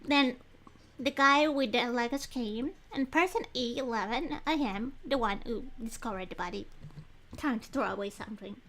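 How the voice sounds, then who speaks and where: A woman talks through a detective game on a livestream, thinking out loud about clues. Her voice sits high, and she rambles excitedly, often breaking off to apologize to her viewers. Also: moderate pace, a little hiss or hum. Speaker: streamer playing a detective game. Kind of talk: casual livestream chat.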